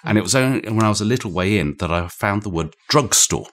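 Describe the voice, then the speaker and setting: Brief: British male author, very low voice, musing guest with many restarts, talking across a room. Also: expressive, fast, fairly bright tone. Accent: British English. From Britain. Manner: thoughtful, digressive, frequent restarts. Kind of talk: conversational explanation. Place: indoor room shared with the host.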